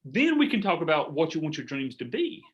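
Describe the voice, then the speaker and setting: A man's voice: fairly high pitch, fairly quick, highs cut off. Earnest middle-aged male business coach. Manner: earnest, animated, acts out sample dialogues. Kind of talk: coaching workshop talk.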